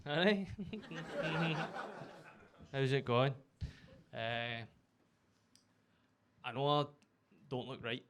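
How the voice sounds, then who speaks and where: A Scottish man doing a chatty, self-mocking stand-up routine on a comedy club stage, bursting into shouted punchlines. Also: mid-range voice, very slow, pauses often, slight background noise. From Scotland.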